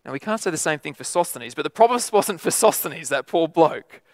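A man delivers a sermon in a relaxed, conversational way and keeps checking in with the listeners through tag questions. His voice sits somewhat high for a man. The recording is close and dry. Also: a little fast, no echo. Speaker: preacher.

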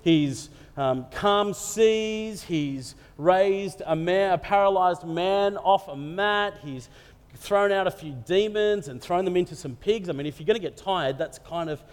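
A man with a fairly high voice gives a humorous sermon, chatty and full of jokes as he tells the story. His voice rings with long reverb, as if it were picked up in a large hall. The delivery sounds casual rather than formal. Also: a little slow, smooth. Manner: conversational, jokey and storytelling. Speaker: preacher.

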